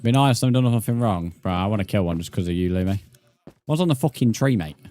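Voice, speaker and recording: A man's voice: lowish voice, animated, fast talker, dark tone, slight background noise. A young man streaming a game live, bantering with his chat, swearing and laughing often. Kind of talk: casual live-stream chat while gaming.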